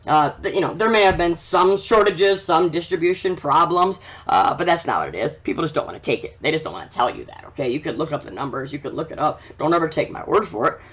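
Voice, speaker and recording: A man's voice: fairly high pitch, expressive, fast talker, few pauses, fairly bright tone, slightly rough. A man hosting a commentary vlog, reading news aloud and ranting about it in a fervent, preachy way that urges his listeners. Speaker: channel host.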